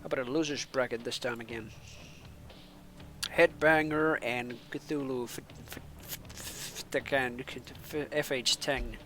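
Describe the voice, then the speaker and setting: A man's voice: medium pitch, steady tone, normal speed, few pauses, pushed and bright, a little hiss or hum. A man from Finland, a native Finnish speaker with American-sounding English, rambling in casual stream chatter as an esports caster between matches and laughing at himself.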